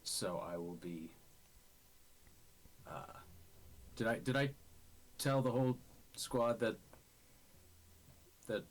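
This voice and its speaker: A man's voice: on the low side, animated, a little hiss or hum, low-quality recording. A man playing a tabletop game, speaking hesitantly. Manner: slow, hesitant. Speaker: player. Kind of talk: casual tabletop play.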